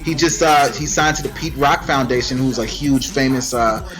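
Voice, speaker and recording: A man being interviewed about his work, relaxed and rambling, with frequent ums and restarts. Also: medium pitch, normal speed. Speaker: guest rapper. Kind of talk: casual interview chat. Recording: music faintly behind.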